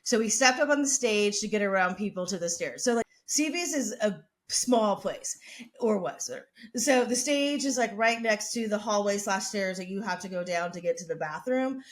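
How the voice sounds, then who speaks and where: A woman's voice: medium pitch, lively intonation, normal speed. A woman podcast host telling a story in a brash, chatty, profane way. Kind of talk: casual storytelling.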